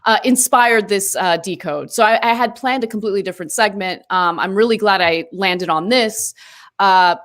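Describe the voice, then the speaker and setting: A woman hosting a political podcast, speaking in an animated, opinionated way. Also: mid-range voice, normal speed. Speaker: podcast host. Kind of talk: political commentary.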